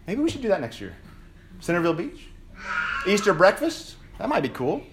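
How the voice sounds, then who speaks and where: A male pastor preaching an Easter sermon in a church, swinging between shouted declarations and quieter, joking asides. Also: high-pitched, noisy background.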